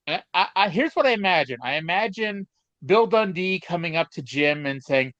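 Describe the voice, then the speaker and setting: A man's voice: high-pitched, expressive, normal speed, a bit bright, no echo. A man co-hosting a casual chat podcast, telling stories in a rambling, hesitant way with many fillers. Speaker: podcast co-host. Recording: dull lo-fi dry sound.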